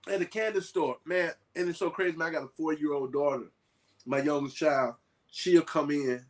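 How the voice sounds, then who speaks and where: A man talking casually to a group, telling lively stories with folksy asides. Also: high-pitched, moderate pace. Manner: animated storytelling with folksy asides.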